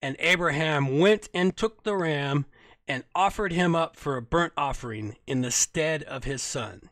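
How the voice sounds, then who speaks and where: A man with a somewhat high voice reads scripture slowly and deliberately, then breaks off into casual, wry commentary. He sometimes stumbles and goes back to fix a phrase. The sound is close and dry, with no room in it. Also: fairly bright tone, dry recording. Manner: wry, sarcastic asides between plain reading; stumbles and corrects himself while reading. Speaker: host reading scripture. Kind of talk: Bible reading with casual commentary.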